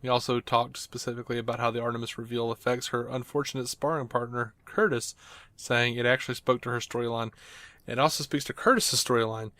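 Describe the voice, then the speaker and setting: A man co-hosting a casual podcast, moving between reading news items and joking asides. His voice sits at an ordinary middle pitch. The recording is dry and close, with no room sound. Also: steady tone, fast talker, sharp tone, no echo. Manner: reads quotes then jokes and laughs easily.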